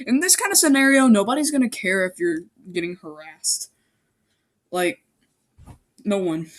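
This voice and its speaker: A woman reads a fan-written story aloud in a loose, casual way. She keeps interrupting herself with silly asides and corrections, mixing the narration with playful commentary. It sounds like a rough homemade recording. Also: medium pitch, sing-song, moderate pace, pauses often. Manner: goofy, breaks off to joke and correct herself. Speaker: amateur story reader.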